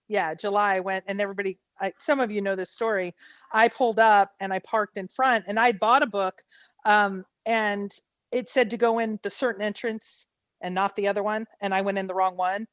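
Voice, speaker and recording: A woman's voice: mid-range voice, steady tone, moderate pace, fairly bright tone, no echo. A woman co-hosting a casual online panel, telling rambling anecdotes between laughs over a call mic. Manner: chatty storytelling with laughs. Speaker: panel host.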